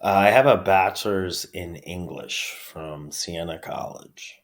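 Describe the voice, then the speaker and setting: A man from upstate New York with a New York accent, a wrestler chatting as a guest in an easygoing, halting way. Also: sits low. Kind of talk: casual interview chat.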